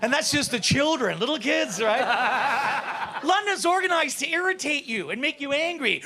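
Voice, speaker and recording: A brash, profane Canadian man doing stand-up comedy and compering on a club stage, shouting his punchlines. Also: very high voice, animated, normal speed.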